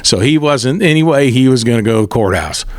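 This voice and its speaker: A man's voice: mid-range voice, expressive, brisk, no room sound. A middle-aged man, hosting a podcast and telling a rambling, folksy story, raising his voice when he retells what people said. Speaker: podcast host. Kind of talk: casual storytelling monologue.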